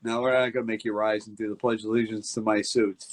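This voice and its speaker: A man's voice: lowish voice, level tone, fast talker. A man hosting a variety show, bringing on acts with chatty, jokey introductions. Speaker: show host.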